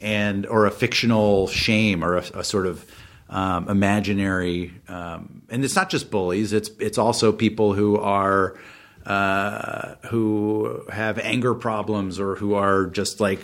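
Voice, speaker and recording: Thoughtful man with a low voice. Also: fairly even intonation, measured pace, a bit bright. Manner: thoughtful, hesitant, many ums and restarts. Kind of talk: casual conversation.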